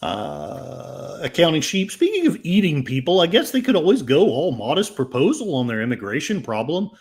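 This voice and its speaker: A man's voice: fairly high pitch, wildly swooping pitch, normal speed. An older man hosting a podcast, reading headlines aloud and commenting with sarcasm and many fillers. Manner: sarcastic, rambling, with frequent fillers. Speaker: podcast host.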